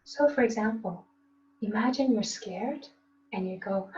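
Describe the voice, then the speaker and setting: A woman tai chi instructor leading an online breathing lesson in a calm, coaching way, with demonstration gasps and laughs. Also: fairly high pitch, moderate pace. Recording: roomy, distant, dull, faint hiss.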